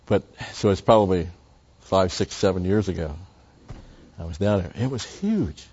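Older man, Bible study lecture, rambling asides, mellow husky voice, dull lo-fi recording. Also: sits low, expressive, moderate pace. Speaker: Bible teacher.

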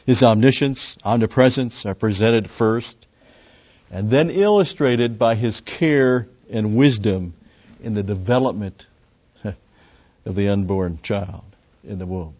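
A man's voice: fairly low pitch, takes it slowly, a little mellow, lo-fi sound. A man preaching a Bible teaching sermon, explaining a passage step by step and repeating key phrases. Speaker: pastor.

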